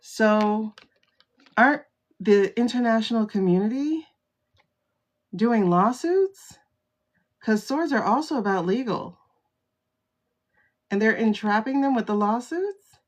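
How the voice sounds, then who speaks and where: A woman's voice: fairly high pitch, animated, slow pace, long pauses. A woman hosting a casual livestream tarot reading, chatty and full of exclamations, greeting viewers by name as she talks into a phone. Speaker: tarot reader livestream host.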